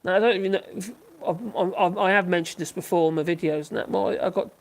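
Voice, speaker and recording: A woman's voice: lowish voice, quick pace. An older woman, chatting casually on a livestream, reading out viewer comments and rambling with frequent giggles and restarts. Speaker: livestream host.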